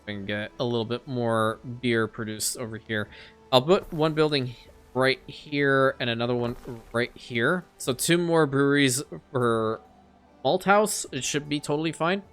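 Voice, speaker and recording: A man narrates his strategy game in a casual let's-play style, his voice bright and ringing. He mutters along as he plays and talks straight to the game. Now and then he blows up into loud, exasperated rants. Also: medium pitch, a little slow, smooth, faint music behind. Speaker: gameplay commentator.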